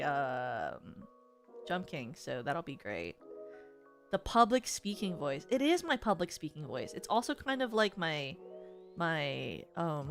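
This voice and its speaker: A young adult woman streaming live, chatting in a bubbly, rambling way with many fillers and excited squeals. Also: fairly low pitch. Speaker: VTuber streamer. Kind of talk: casual live-stream chat.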